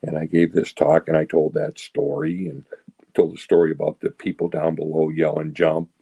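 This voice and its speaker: A man's voice: a bass voice, moderate pace, vocal fry, warm tone, breathy edge, no echo. A man in his sixties from south of Boston, telling his recovery story in a candid, rambling way and often checking in with "right?" and "you know". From south of Boston, USA. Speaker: guest sharing recovery story.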